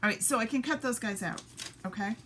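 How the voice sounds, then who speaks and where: A woman's voice: fairly high pitch, fairly quick, fairly bright tone, slight background noise. A woman demonstrating papercraft in a casual live stream, chatting to viewers and muttering little asides to herself as she works at a home craft table.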